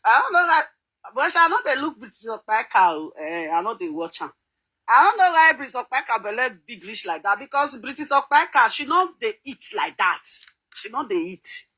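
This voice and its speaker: A woman's voice: on the high side, big pitch swings, brisk, pushed and bright, husky, rough recording. A middle-aged Nigerian woman chatting casually to her viewers, laughing often and breaking into bits of song. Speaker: vlogger. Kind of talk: casual chat.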